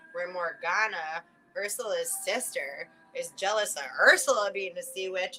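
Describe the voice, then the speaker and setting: A woman giving a spiritual card reading in a casual livestream chat, rambling and animated, full of "like" and quick laughs. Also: medium pitch, rough recording.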